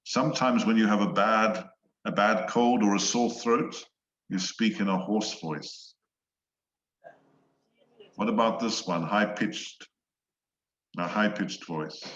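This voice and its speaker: A man teaching English in an online one-on-one lesson, slow and patient, explaining words and acting out examples. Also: on the low side, a bit bright. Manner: slow, patient, demonstrates voices. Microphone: video call. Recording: echoey, dull video-call audio.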